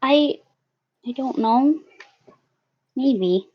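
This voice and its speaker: A woman voicing a quiet, guarded young female toon in a tabletop game, speaking hesitantly. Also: high voice, expressive, husky, full character voice. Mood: unsure. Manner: hesitant, halting. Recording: lo-fi recording.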